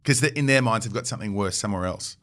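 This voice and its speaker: A man's voice: fairly low pitch, very fast, a bit bright. A middle-aged man with an Australian accent, chatting casually as a co-host in an easygoing way and laughing often. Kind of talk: casual chat.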